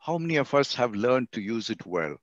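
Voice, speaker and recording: A man with an Indian English accent giving a webinar lecture on communication, swinging his voice high and low to show his points. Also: sing-song, fairly quick, dry recording. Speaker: guest speaker on communication. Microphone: computer mic on a video call. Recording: dry, dull webinar audio.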